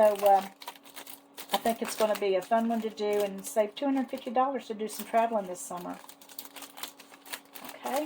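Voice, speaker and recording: A woman chatting casually as she shows off her savings challenges, fond and unhurried, with lots of little fillers. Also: medium pitch, background noise. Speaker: savings challenge seller and vlogger. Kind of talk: casual product show-and-tell.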